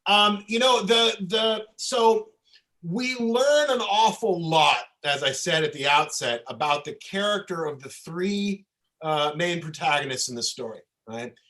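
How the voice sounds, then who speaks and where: A man's voice: high-pitched, expressive, unhurried, sharp tone, low-quality recording. A man leading a Torah study lesson as rabbi on a video call, talking conversationally and often checking in with "okay?" and "right?". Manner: frequent restarts, winding explanation.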